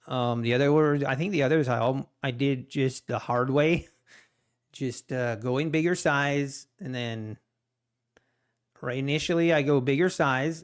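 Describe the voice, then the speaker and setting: A man's voice: on the high side, clear, resonant tone. Chatty man live-streaming his trading. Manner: relaxed, rambling, self-deprecating, chuckles often. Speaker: livestream day trader. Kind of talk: casual live-stream chat.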